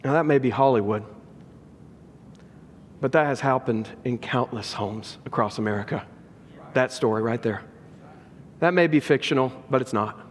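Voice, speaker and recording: A man's voice: medium pitch, moderate pace, pauses often, slight background noise. A man pastor preaching a sermon with earnest, emphatic repetition. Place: church sanctuary. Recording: long reverb of a large church hall.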